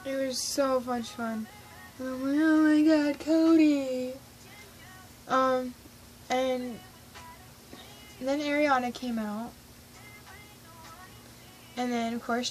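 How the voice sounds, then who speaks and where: A teenage girl vlogging, telling a rambling, excitable story with lots of fillers. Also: fairly high pitch, rough recording. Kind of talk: casual storytelling vlog.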